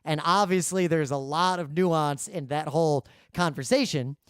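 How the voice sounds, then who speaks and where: A man co-hosting a podcast, explaining points in a measured, explanatory way into a studio microphone. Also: a little high, a bit bright, smooth, no echo. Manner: measured, explanatory, adapts his talk for the microphone. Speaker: podcast co-host. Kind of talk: casual discussion.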